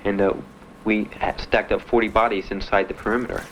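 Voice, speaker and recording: A man's voice: lowish voice, flat delivery, fairly quick, a little hiss or hum, low-quality recording. A young American man from Miami, a veteran bluntly and matter-of-factly telling his own story with dry laughs. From United States (Miami). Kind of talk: candid spoken testimony.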